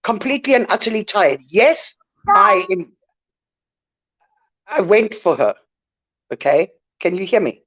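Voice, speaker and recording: A woman's voice: medium pitch, big pitch swings, measured pace, pauses often, fairly bright tone, lo-fi sound. An older woman on an online call, ranting indignantly and lecturing someone in a live chat. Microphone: online call mic.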